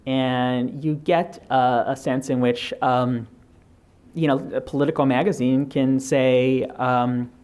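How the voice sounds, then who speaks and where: Male keynote speaker, mid-pitched, casual lecture delivery with lots of ums and restarts. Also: steady tone, slow pace, darkish tone, clear, resonant tone. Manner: reads out quotes, many fillers and restarts. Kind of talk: academic lecture. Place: lecture hall.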